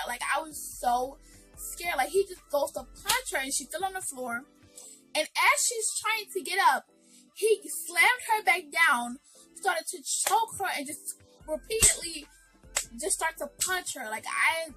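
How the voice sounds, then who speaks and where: High bright-voiced woman telling a story. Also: rough recording. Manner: earnest, addresses viewers directly, many fillers. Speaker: vlogger. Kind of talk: emotional storytime.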